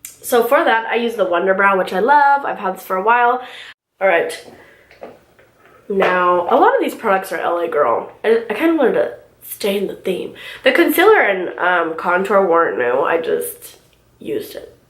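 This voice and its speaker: A woman's voice: medium pitch, sing-song, normal speed. Chatty young woman in an echoey room. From California, US. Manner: chatty, filler-heavy storytelling. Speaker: beauty vlogger. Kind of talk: casual get-ready-with-me chat. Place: room at home. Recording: roomy home recording.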